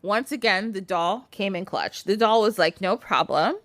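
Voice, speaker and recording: A woman's voice: medium pitch, normal speed, no room sound. A woman casually retelling a folktale on a podcast, chatty and laughing often. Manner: chatty, laughing, filler 'like'. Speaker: podcast storyteller.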